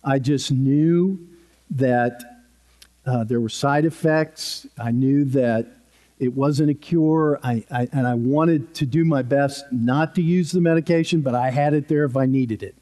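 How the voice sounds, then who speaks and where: A man preaching a sermon in an unhurried, conversational way, with self-deprecating humor, at a podium microphone in a church. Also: medium pitch, dark tone. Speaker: pastor.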